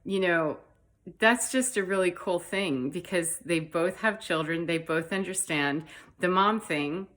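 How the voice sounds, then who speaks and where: A woman talking through her feelings in a heartfelt, rambling way, with many fillers and soft laughs. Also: lowish voice, measured pace. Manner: heartfelt, rambling, frequent "you know" fillers. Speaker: spiritual vlogger. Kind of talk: emotional personal monologue.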